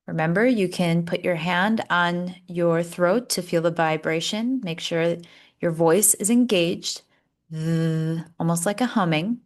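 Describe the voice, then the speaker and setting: A woman teaching English pronunciation, saying words slowly and deliberately for learners to repeat, with an encouraging teacher tone. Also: on the low side. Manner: slow, deliberate, drawn-out words for repetition. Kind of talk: slow, clear pronunciation lesson.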